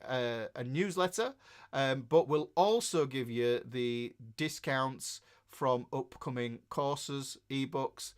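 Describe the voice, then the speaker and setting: This mid-range, fairly bright male voice belongs to a guitar livestream host from the north of England. He chats casually while reading viewer comments aloud, rambling along with plenty of fillers and false starts.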